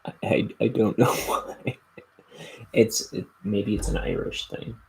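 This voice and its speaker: A man's voice: fairly low pitch, takes it slowly, gravelly, slight background noise, poor audio. An American man chatting casually to his stream while inking, rambling and laid-back. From United States. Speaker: artist streaming while inking a graphic novel.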